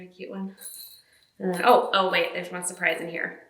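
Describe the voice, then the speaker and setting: A woman delivering deadpan comedic character monologues, chatty and hesitant with fillers. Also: on the low side, moderate pace, echoey room, noisy background. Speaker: comedy sketch performer.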